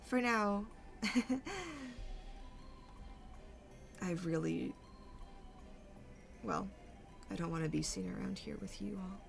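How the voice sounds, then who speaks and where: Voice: medium pitch, very animated, a little slow, vocal fry, faint music behind, full character voice. A woman voicing a vain, scheming arcane troupe leader in a light, airy, half-whispered drawl for a tabletop game. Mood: dismissive.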